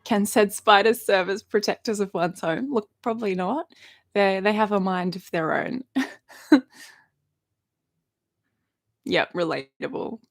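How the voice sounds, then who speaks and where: Aussie woman in her 30s doing a live stream from her bedroom, bit of vocal fry, rambly and giggly. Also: medium pitch, measured pace, long pauses. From Australia. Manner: chatty and rambling, laughs often, many fillers. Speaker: YouTuber hosting a live stream. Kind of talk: casual live stream chat, reading viewer questions.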